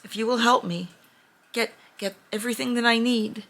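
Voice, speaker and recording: A woman's voice: fairly high pitch, fairly even intonation, moderate pace, creaky, a bit bright. A woman voicing a brave little girl in a storybook, speaking in an earnest, pleading way.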